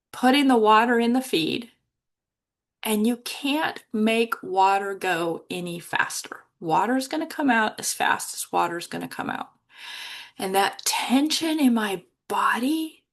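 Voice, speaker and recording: A woman's voice: mid-range voice, a bit bright. A woman hosting her own podcast, telling a personal story in an emotional, reflective way, close to tears at times. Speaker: podcast host.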